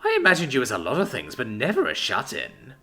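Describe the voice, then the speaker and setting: A man's voice: medium pitch, wildly swooping pitch, fast talker, sharp tone, faint music behind, heavily acted. A man voicing a volatile, swearing young man. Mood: sardonic. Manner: blunt, swearing, swings between menace and worry. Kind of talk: audiobook story narration.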